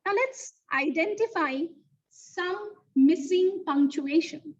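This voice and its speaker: Slow, high-voiced woman teaching children. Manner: slow, expressive, questions the listeners. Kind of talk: children's lesson. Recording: distant, dull mic sound.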